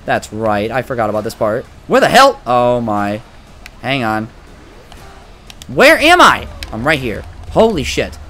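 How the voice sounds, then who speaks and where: A young man giving casual, profane let's-play commentary, excitable and trash-talking the game as he plays. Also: medium pitch, a little slow, faint music behind. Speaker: gaming commentator.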